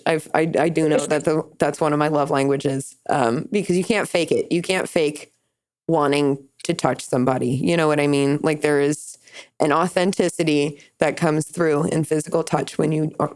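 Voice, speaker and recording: A young woman hosting a podcast, telling candid stories in casual chat and jumping high in pitch when she quotes people. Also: darkish tone. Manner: candid, rambling storytelling with big pitch jumps for quoted voices. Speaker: podcast host.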